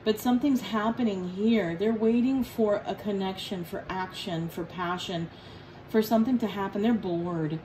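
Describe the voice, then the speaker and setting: A woman's voice: mid-range voice, moderate pace, slight background noise, poor audio. Blunt, joking woman reading tarot. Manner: blunt, profane, joking and animated. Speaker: tarot reader.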